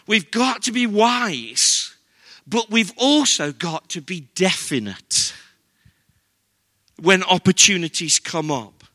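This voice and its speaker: A man's voice: sits high, lively intonation, unhurried, pushed and bright. An older man with an English accent, preaching a sermon as pastor in an earnest, conversational way.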